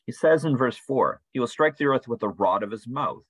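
A man's voice: medium pitch, animated, a little fast, husky, no room sound, poor audio. A man leading a church Bible study in a conversational way, often asking "right?" and acting out quoted voices. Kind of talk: informal Bible study teaching. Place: church room.

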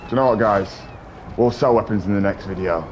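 A young man giving casual, excitable gameplay commentary, swearing and trash-talking other players. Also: on the low side, brisk, noisy background. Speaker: gaming YouTuber.

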